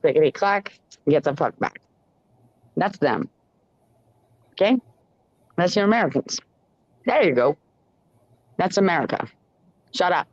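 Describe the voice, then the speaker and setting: A man's voice: a little high, animated, unhurried, creaky, pauses often, no echo. A man ranting in a rambling, profane stream of consciousness, sometimes slipping into sing-song chanting. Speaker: ranting monologuist. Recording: dull lo-fi dry recording.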